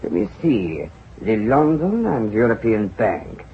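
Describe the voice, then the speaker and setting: An actor playing a flamboyant, smooth-talking financier in a vintage radio drama, expansive and persuasive. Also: male voice, fairly low pitch, slow pace, a little hiss or hum, full character voice. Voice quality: expansive, persuasive, lively intonation. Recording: dull old radio drama recording.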